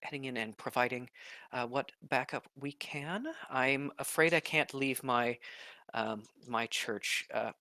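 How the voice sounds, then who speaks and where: A man's voice: mid-range voice, measured pace, bright, forceful tone, dry recording. A man voicing a prim, overly polite woman cleric who heads a church, flustered and stammering.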